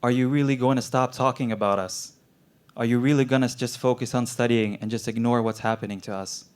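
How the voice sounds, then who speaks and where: A young man voicing a gentle grieving war-zone doctor. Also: mid-range voice, fairly even intonation, fairly quick, smooth, close to an everyday voice. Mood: gently probing. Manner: gentle, quietly probing.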